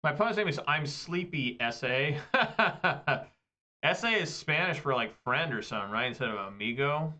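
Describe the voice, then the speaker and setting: A man's voice: mid-range voice, animated, brisk, few pauses, pushed and bright. A man casually commentating his own card game, rambling and swearing as he plays. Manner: rambling, profane, chatty asides.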